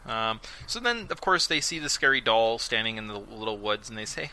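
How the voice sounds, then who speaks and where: A male podcast host recaps episodes in a casual, sarcastic way, slipping into mocking voices. His tone is very bright and edgy. A faint hiss sits under the recording. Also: lowish voice, a little fast, hardly any pauses, poor audio. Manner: sarcastic, animated storytelling with mocking quoted voices.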